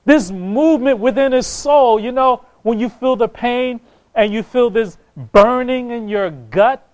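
A man's voice: sits high, poor audio. A man preaching a sermon, impassioned, reading scripture aloud and repeating phrases for emphasis.

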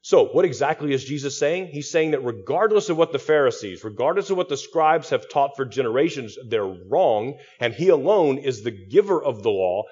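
A man's voice: medium pitch, animated, normal speed, few pauses, a little mellow, slightly rough, lo-fi sound. A male pastor giving an expository sermon, teaching through a text with frequent restarts and repeated words.

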